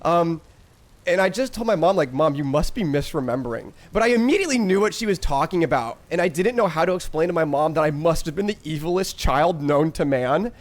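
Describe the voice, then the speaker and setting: A man's voice: fairly high pitch, a little fast. A man streaming live, telling a rambling story to his chat, swearing freely and often breaking into laughter.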